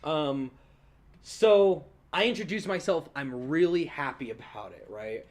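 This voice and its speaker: A young man hosting a podcast, telling a story in a casual, animated way, swearing often and laughing along. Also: on the high side, a little slow. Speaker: podcast host.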